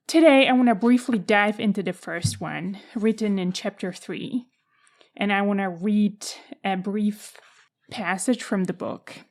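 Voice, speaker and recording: A woman with a Czech accent speaks slowly and unhurriedly, as if thinking aloud in her own podcast. Her voice sits at an ordinary middle pitch. She leaves room between phrases and weighs each point before moving on. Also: a little mellow. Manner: thoughtful, measured, pausing to reflect. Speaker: podcast host. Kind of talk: reflective solo podcast monologue.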